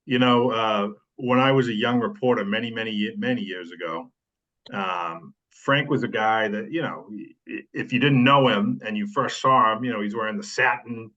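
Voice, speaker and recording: A man's voice: lowish voice, normal speed, bright, forceful tone. A man, a sports writer, reminisces at length in casual podcast chat, full of fillers and asides. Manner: rambling storytelling with many fillers. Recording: dull lo-fi sound.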